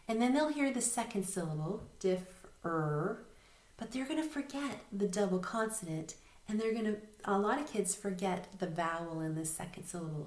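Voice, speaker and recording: A woman teacher giving a recorded reading lesson, patient and clear, spelling words slowly letter by letter. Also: mid-range voice, a little mellow. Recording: roomy echo.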